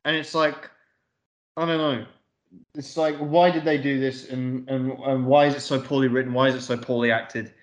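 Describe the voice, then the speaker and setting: A man rambles through a casual film review, swearing freely and padding every thought with fillers. His voice sits at an ordinary middle pitch. The room around him is echoey. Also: level tone, normal speed. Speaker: podcast co-host.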